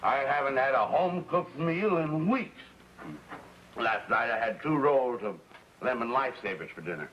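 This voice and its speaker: A man playing a bright, grumbling sitcom husband. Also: mid-range voice, expressive, normal speed, lightly acted. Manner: eager, gossipy grumbling. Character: grumbling middle-aged suburban husband. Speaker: sitcom actor. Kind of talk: 1950s sitcom acting. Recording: dull lo-fi 1950s TV soundtrack with faint hiss.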